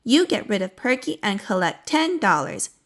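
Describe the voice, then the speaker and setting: A woman's voice: medium pitch, sing-song, normal speed, fairly bright tone. A woman reading the lines of a cheeky, teasing little sister aardvark in a children's storybook. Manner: teasing, smug.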